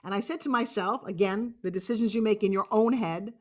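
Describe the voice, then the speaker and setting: A woman in her sixties with a New York accent, telling a personal story on stage in a lively, joking, blunt way. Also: medium pitch, brisk. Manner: animated, jokey and blunt, acting out other voices. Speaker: motivational speaker.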